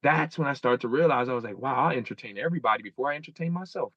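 A man's voice: medium pitch, very fast, fairly bright tone, no echo, muffled recording. A man in his thirties, a guest in a casual interview, telling stories animatedly and acting out his own inner dialogue. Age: 30s.

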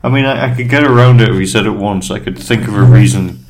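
A man co-hosting a casual podcast chat, halting and repeating words, with dry sarcasm. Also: on the low side. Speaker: podcast co-host.

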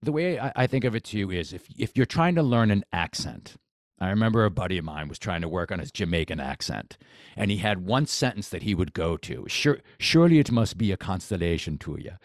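A man's voice: low voice, lively intonation, a little fast, no room sound, clean studio sound. A man, a boxing coach, talking casually as a podcast guest, enthusiastic and rambling with restarts. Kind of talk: casual interview chat.

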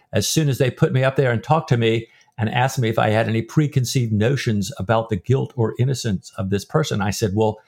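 A man's voice: mid-range voice, a little mellow. Middle-aged man, podcast co-host, rambling casual talk, reads passages expressively. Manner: rambling, reads book passages aloud with feeling. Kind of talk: casual book-discussion chat.

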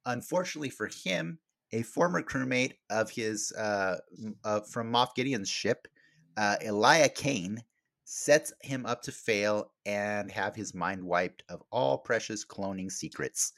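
Low-voiced man hosting a podcast. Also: fairly bright tone, no room sound, clean studio sound. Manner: rambling, many restarts and fillers, quick bursts. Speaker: podcast host. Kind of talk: casual podcast chat.

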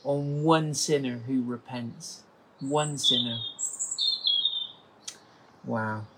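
A man's voice: medium pitch, drawn-out words, very noisy. Man emotionally commenting on scripture. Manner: emotional, exclaiming, musing aloud. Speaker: Bible teacher.

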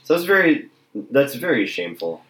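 A man's voice: medium pitch, big pitch swings, moderate pace, a bit bright, reverberant. A man in casual chat, agreeable, chiming in with short remarks.

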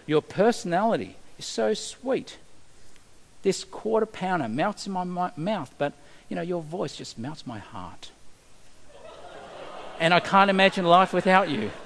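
A preacher acts out an awkward young man confessing his love, stumbling over his words in a hushed, lowered voice. The sermon's hall adds a long echo behind him. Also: very animated, measured pace, gravelly, slight background noise, heavily acted. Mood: smitten. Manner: stammering, hushed.

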